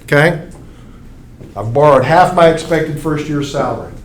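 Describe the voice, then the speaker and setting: With a fairly high pitch and moderate pace, an Arkansas-born instructor in his forties leads a conversational college lecture, putting questions to his students. The echoey classroom audio is taken from afar, with a little hiss or hum.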